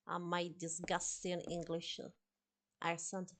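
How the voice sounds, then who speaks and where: A woman's voice: mid-range voice, measured pace, a little hiss or hum. A woman with an Italian accent, a live streamer chatting casually while she plays, laughing often and apologizing for her English. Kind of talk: live-stream gameplay chat.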